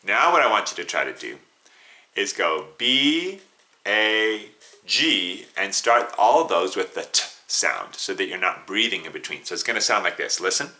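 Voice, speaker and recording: A man's voice: low voice, very animated, brisk, hardly any pauses, noisy background. A man teaching a beginner flute lesson, patiently coaching students, counting them in and singing note names and tonguing syllables.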